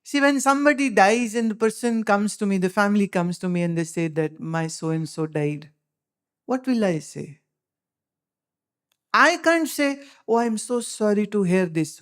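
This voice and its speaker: A woman with an Indian English accent gives a spiritual discourse as a teacher, speaking emphatically and asking pointed rhetorical questions. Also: on the high side.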